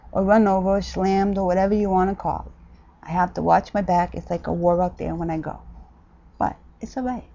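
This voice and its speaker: A woman ranting bluntly and sarcastically in a casual vlog, jumping from loud outbursts to low mutters. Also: highs cut off. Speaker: vlogger.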